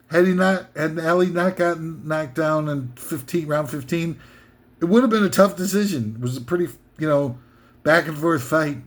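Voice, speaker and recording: Rambling high-voiced American man. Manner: rambling, self-interrupting, bursts into shouted impressions. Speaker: host of a comedic top ten list. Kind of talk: rambling comedic monologue.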